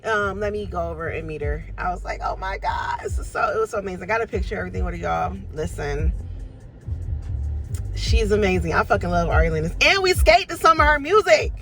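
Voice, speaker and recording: A woman's voice: fairly low pitch, animated, brisk, fairly bright tone, faint music behind, poor audio. A woman, chatting casually and animatedly from her parked car as a tarot reader, laughing and swearing freely. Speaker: tarot reader and life coach. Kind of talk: casual chat to camera.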